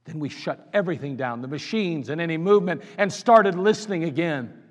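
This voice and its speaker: A man preaching a sermon in a church, asking the crowd question after question and swinging between loud pleading and hushed tones. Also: on the high side, lively intonation, brisk, big-room sound.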